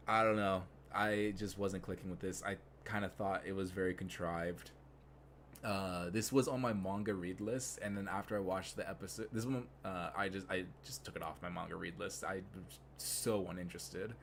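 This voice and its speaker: A man's voice: deep voice, steady tone, normal speed, a little hiss or hum. A young man streaming live, rambling casually with many fillers and restarts.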